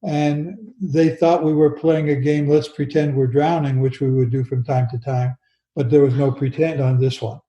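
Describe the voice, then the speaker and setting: Older man telling a story, mellow voice. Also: mid-range voice, level tone, echoey room, dull audio. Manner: slow, earnest storytelling with frequent restarts. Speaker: guest. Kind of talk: personal story in an interview.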